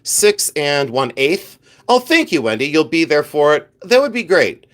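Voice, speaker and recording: A man hosts a live vintage jewelry sale in a high-leaning, sing-song voice with a fairly bright tone and measured pace. Chatting loosely, he answers viewers by name and laughs playfully while joking about himself.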